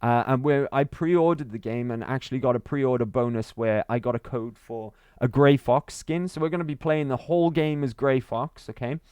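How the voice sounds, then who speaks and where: A man's voice: medium pitch, moderate pace, hardly any pauses, a little mellow, clean tone, no echo. A man streaming a game and chatting casually to his viewers, rambling and repeating himself with frequent chuckles. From Wales. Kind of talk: casual livestream chat to viewers.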